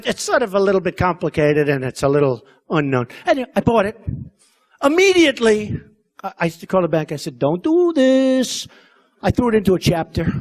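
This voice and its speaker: Boastful rambling man at a rally. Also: extremely high pitch. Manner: boastful, rambling, repetitive asides to the crowd. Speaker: political candidate speaking at a convention. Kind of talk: campaign rally speech. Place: convention hall stage.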